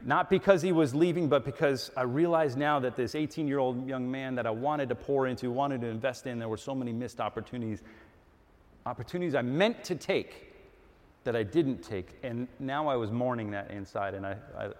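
A middle-aged man preaching a sermon, animated and emphatic, acting out little dialogues as he goes. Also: medium pitch, brisk. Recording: long hall reverb.

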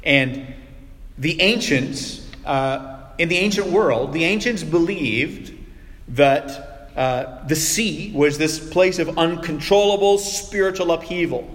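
Man preaching in a reverberant hall. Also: on the high side. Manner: conversational teaching with dramatic pauses and soft hushed quotes. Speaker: pastor. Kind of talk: sermon.

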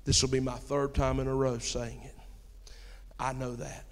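Pastor preaching in a reverberant hall. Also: male voice, mid-range voice, little pitch movement, moderate pace. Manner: folksy storytelling, swings from quiet to shouting. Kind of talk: sermon. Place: church sanctuary.

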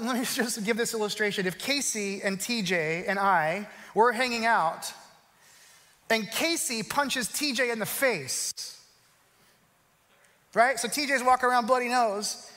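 Guy preaching a sermon, high voice, big echoey hall, goes loud and fast then real slow and quiet. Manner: swings from loud, quick storytelling to slow, hushed emphasis. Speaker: pastor.

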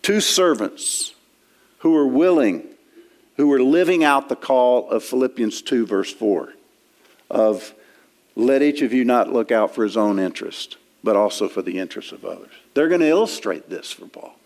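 In a church sanctuary, a man preaches an expository sermon conversationally, restarting often as he quotes and explains scripture. His medium-pitched voice has lively intonation, a darkish tone, and normal speed.

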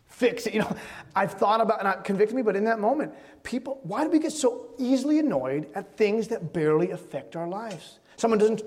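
A man's voice: high-pitched, long reverb tail. A man preaching a sermon as a pastor, moving from a told story into emphatic preaching.

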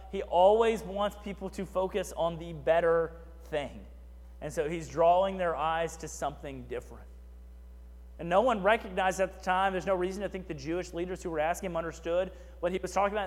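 A man's voice: high-pitched, in a large hall. A man preaching a sermon as a pastor, conversational, with frequent asides and "right?".

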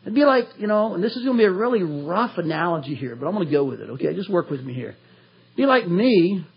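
A man's voice: high voice, fast talker, gravelly, husky, muffled recording. A man from Tennessee preaching a verse-by-verse sermon, acting out quotes in a raised voice. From Tennessee, USA. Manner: animated, acts out quotes in a raised voice. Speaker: pastor. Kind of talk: expository sermon.

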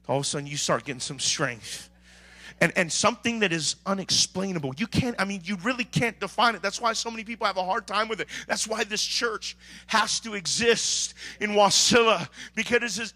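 A man preaching a sermon as pastor, swinging between quiet talk and shouted calls to the congregation. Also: sits high, fairly quick. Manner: preaches with sudden shouts and call-and-response.

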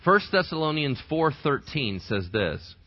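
A pastor delivers a sermon in a lively pitch, speaking a little slowly. His manner is animated and conversational, full of rhetorical questions. The recording is dull, lo-fi and dry.

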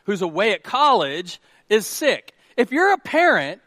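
Male pastor, forties, sermon, fairly high voice, dry close mic, storytelling, asks the crowd questions. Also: a little slow, no echo. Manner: animated storytelling with rhetorical questions to the audience.

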